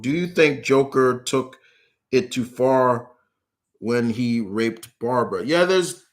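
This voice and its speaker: Rambling man answering viewer questions. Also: mid-range voice. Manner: reads viewer questions aloud then answers in a rambling, candid way with many fillers; emotional, earnest. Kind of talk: casual live Q&A.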